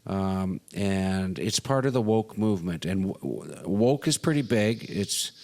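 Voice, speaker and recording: A man's voice: low-pitched, animated, measured pace, a little mellow, long reverb tail. A Canadian man co-hosting a casual discussion show, agreeing readily and restarting his sentences often. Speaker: podcast co-host.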